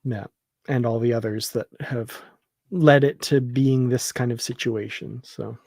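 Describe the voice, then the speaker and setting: A man talks slowly and warmly about a favorite series, laughing often and filling pauses with ums. His voice sits at a middling pitch. The sound is dry and close, with no room behind it. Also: fairly even intonation, no echo. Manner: enthusiastic, laughs often, many fillers. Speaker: podcast co-host. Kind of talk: casual fan discussion.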